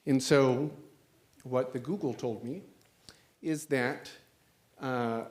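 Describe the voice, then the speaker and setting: A man's voice: mid-range voice, slow pace, a little mellow. A man resident giving detailed, explanatory public comment at a council meeting through a handheld microphone.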